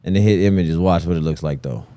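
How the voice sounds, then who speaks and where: A man co-hosting a casual podcast, relaxed and chiming in with quick remarks. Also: deep voice, clear, resonant tone, no echo. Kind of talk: casual chat.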